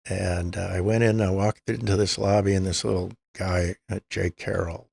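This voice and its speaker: A man's voice: low-pitched, little pitch movement, moderate pace, creaky, darkish tone, dry recording. An older man, a guest in an interview, telling long anecdotes and acting out the quoted lines of the people in them. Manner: anecdotal, acts out quoted dialogue. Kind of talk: storytelling interview.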